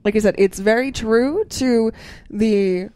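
A woman's voice: fairly high pitch, slow pace, warm tone, no room sound. A woman co-hosting a podcast in casual chat, chatty and full of restarts. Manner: chatty, with many restarts and laughs. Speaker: podcast co-host.

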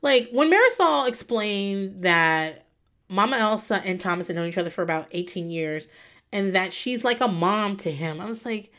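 A woman recapping in casual chat, animated, laughing often and swearing freely. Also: mid-range voice, moderate pace. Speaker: podcast host recapping reality TV.

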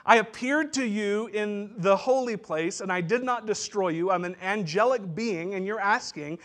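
A man preaching a sermon voices a stern male angel herald with a booming, indignant manner. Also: moderate pace, fairly bright tone. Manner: indignant, emphatic rebuke.

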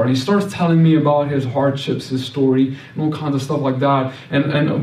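A man's voice: a little high, a little mellow, dull audio. Man sharing a faith testimony, earnest, tumbling restarts; recorded from a distance in a roomy space. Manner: earnest storytelling with frequent restarts and repeated words. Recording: roomy echo, mic at a distance.

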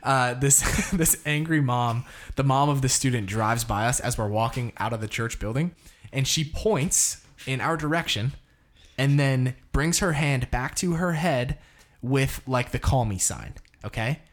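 A man's voice: medium pitch, a little slow. A man hosting a casual chat, telling a story with lots of laughter and acted-out quotes. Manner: animated, laughs often, acts out quotes.

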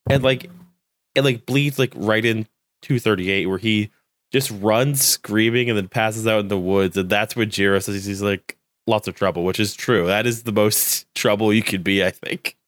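A young man co-hosting a casual chat, rambling with lots of filler words and lively quoting. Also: on the low side, normal speed, no room sound, studio quality. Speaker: podcast co-host.

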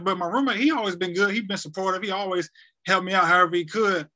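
A man's voice: high-pitched, fast, pushed and bright. A young man casually telling a personal story, rambling and repeating himself as he acts out conversations.

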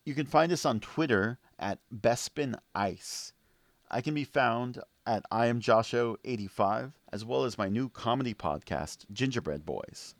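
A man's voice: mid-range voice, lively intonation, a little slow, dry recording. A man co-hosting a podcast in a casual, easygoing chat, laughing often. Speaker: podcast co-host.

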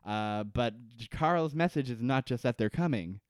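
A man's voice: medium pitch, moderate pace, clean tone, dry recording, clean studio sound. A young man co-hosting a podcast, casually recapping a TV episode and acting out characters' lines with lots of laughter. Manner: animated, acts out characters' lines, laughs often. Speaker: podcast co-host.

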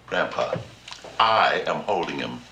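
An actor playing a soft-hearted giant monster father in a 1960s sitcom, speaking slowly and soothingly on a hissy old TV soundtrack. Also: rumbling low, expressive, full character voice.

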